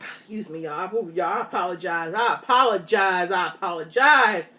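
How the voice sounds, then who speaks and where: A woman chatting straight to her viewers in a casual challenge vlog, animated and drawling. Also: lowish voice, normal speed, recorded from a distance. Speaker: vlogger. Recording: faint noise, voice off from mic.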